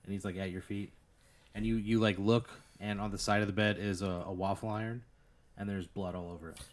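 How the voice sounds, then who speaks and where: Rambling deep-voiced man running a game. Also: fairly even intonation, a little fast. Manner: rambling, laughing, lots of "like" fillers. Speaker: game master. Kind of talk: narrating an improvised tabletop scenario.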